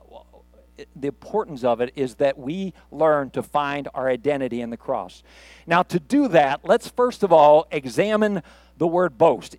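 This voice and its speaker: A middle-aged pastor delivers a sermon with a fairly high voice, speaking conversationally and with humor before building to rousing emphasis. The sound is dry and close, with no room echo. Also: male voice.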